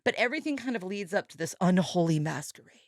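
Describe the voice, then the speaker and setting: A woman hosting a casual podcast chat about a film, telling scenes in an animated way and acting out the quotes. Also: fairly low pitch, fast, dry recording. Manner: animated storytelling, acts out quotes. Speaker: podcast host. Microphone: podcast microphone.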